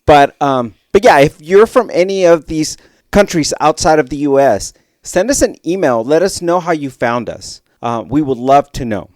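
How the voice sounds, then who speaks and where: A man's voice: on the high side, animated, moderate pace, darkish tone, dry recording, clean studio sound. A man co-hosting a podcast in casual chat, playful and goofy. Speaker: podcast co-host.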